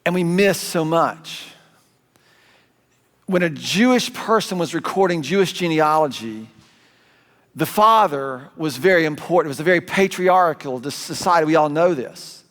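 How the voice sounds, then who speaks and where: A man with a Southern US accent preaching a sermon as a pastor, conversational and animated, correcting himself as he goes. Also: on the high side, normal speed. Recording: long hall reverb.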